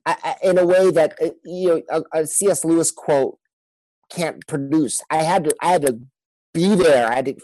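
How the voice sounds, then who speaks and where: A man, a pastor and guest on a podcast, telling a personal story in an earnest, halting way with many restarts. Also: on the high side, warm tone, no echo, poor audio.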